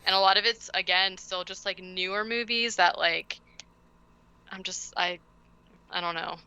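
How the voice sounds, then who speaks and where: A woman co-hosts a podcast in loose, casual chat. Her voice is bright and smooth, with a bit of fry underneath. She laughs often and leans on fillers. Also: mid-range voice, fairly even intonation, unhurried, highs cut off. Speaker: podcast co-host.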